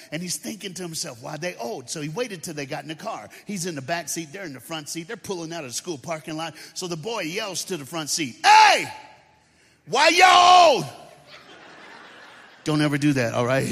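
A male guest speaker telling comic and moving stories to a church crowd, playful and animated, calling out to the audience. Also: on the high side, breathy edge. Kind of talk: comedic motivational storytelling talk. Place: large church auditorium with balcony. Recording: long hall reverb.

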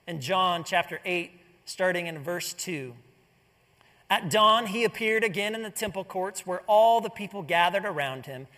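A man's voice: high voice, bright, forceful tone, in a large hall. A man preaching a sermon, telling a Bible story with earnest rhetorical questions. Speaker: pastor.

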